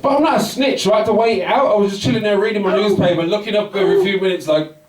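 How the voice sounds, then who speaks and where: A man's voice: sits high, racing, echoey room, recorded from a distance, slight background noise, poor audio. A man with a West Midlands accent doing stand-up, telling a story with lots of swearing and acting out both sides of the dialogue, at a small pub comedy night. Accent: West Midlands English.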